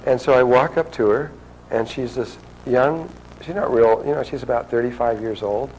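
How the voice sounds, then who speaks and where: A man's voice: mid-range voice, moderate pace, darkish tone, slight background noise, poor audio. Rambling male storyteller. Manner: rambling, restarts often, acts out quotes. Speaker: speaker telling a story to an audience.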